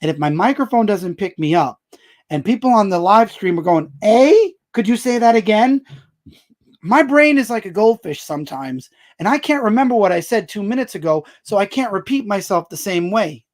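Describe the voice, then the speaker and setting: A man hosting his own live stream, talking loudly and joking as he answers viewers' comments. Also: high-pitched, fairly quick. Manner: loud, animated, jokey, answers chat comments aloud. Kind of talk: casual live-stream chat.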